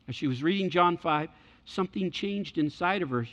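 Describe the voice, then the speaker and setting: A man preaching a sermon and telling a story, swinging between loud passages and hushed ones. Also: on the high side, moderate pace. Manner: dramatic shifts between loud and hushed delivery. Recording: echoey hall, dull lo-fi sound.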